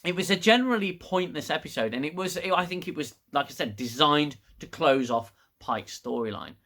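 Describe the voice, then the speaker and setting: Brief: male reviewer, blunt and exasperated, bright forceful voice, slightly high. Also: animated, a little fast. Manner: rambling, frustrated, frequent restarts and swearing. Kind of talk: casual review monologue.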